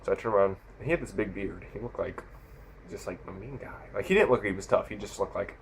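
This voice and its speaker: Talking fast in a low-leaning, creaky voice, a teenage boy of sixteen tells stories casually to his camera. He rambles and keeps correcting himself in an animated retelling, captured in poor audio with slight background noise.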